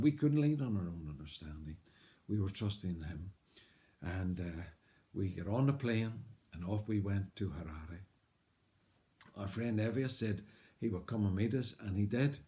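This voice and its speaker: A man with a Northern Irish accent and a slightly low voice recounts his missionary life as a personal testimony. He tells it earnestly, with plenty of "uh" fillers and lively bursts. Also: moderate pace. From Northern Ireland. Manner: earnest, animated retelling with frequent "uh" fillers.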